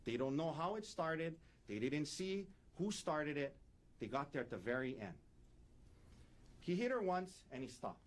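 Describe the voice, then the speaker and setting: A man's voice: on the high side, very animated, unhurried. A man, a defense attorney, giving an emphatic courtroom opening statement and repeating his key points.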